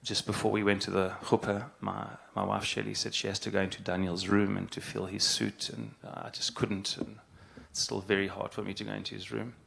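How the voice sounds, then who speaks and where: A middle-aged man, a rabbi, giving an earnest, halting spoken address and repeating phrases for emphasis. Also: fairly low pitch, little pitch movement, creaky, fairly bright tone, a little hiss or hum.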